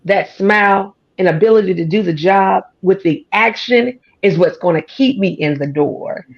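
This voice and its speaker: A woman's voice: mid-range voice, normal speed, highs cut off. A woman with a country twang talking as a podcast guest, folksy and emphatic with a drawl. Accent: American country twang. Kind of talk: casual conversation. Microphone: studio or podcast mic.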